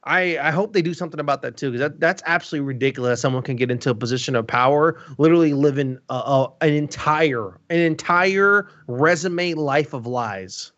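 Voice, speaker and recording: A man's voice: fairly high pitch, brisk, hardly any pauses, fairly bright tone. A man from Brazil co-hosting a casual panel chat, rambling and joking with lots of fillers and restarts. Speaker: panel co-host. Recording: dull lo-fi stream audio.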